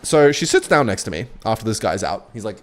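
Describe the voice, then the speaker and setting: A man's voice: on the low side, sing-song, fast. A young man streaming a game and telling a story in a laid-back, rambling way, swearing freely. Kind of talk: casual storytelling while gaming.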